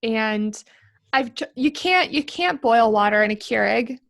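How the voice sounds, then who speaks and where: Woman podcast co-host, playful and rambling, gravelly fry in a somewhat high voice. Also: lively intonation, measured pace, a bit bright. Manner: playful, rambling, trails off and laughs. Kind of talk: casual chat.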